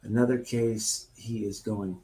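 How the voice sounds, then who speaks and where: Animated man livestreaming in an echoey room. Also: on the low side, unhurried, far from the mic. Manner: animated, repetitive, acts out scenes. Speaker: livestream host. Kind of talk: casual live-stream talk. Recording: roomy, off-mic sound.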